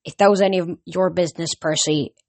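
Brief: sharp, practical teen girl cutting in, as a reader puts her on. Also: medium pitch, steady tone, fast talker, close to an everyday voice. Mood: brisk. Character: clever teenage girl.

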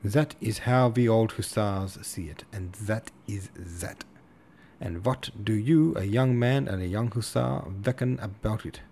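A man voicing a stocky, pompous old hussar colonel with a German accent, speaking slowly and stressing his words. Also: lowish voice, vocal fry, mellow, slight background noise. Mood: emphatic. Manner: slow, emphatic, over-stressing words.

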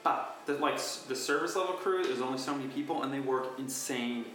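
A man's voice: mid-range voice, brisk, a bit bright, recorded from a distance. A man co-hosting a podcast in casual chat, blunt and emphatic, swearing freely. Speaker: podcast co-host. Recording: very echoey room.

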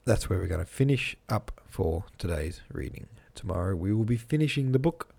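A man reading a book aloud in a deliberate storytelling manner, now and then laughing at his own slips. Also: lowish voice, expressive, creaky, dark tone, breathy edge. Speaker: reader.

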